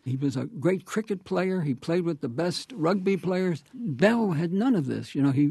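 Gravelly man with a dark, husky voice. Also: on the high side, no room sound, studio quality. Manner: reflective, anecdotal, restarts phrases. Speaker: author and guest. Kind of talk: radio interview.

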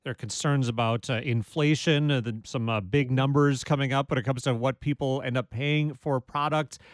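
Male host, mid-pitched, dry close sound, conversational questioner. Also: steady tone, normal speed, no echo. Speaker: radio interviewer. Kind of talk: interview questions.

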